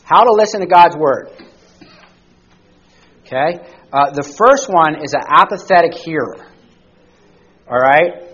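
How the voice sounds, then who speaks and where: A man's voice: on the high side, animated, measured pace, pauses often, fairly bright tone, slightly rough, muffled recording. A man teaching a church study class to a group, talking conversationally and often checking in with the listeners by asking them questions. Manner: conversational, asks the group questions, frequent "all right?".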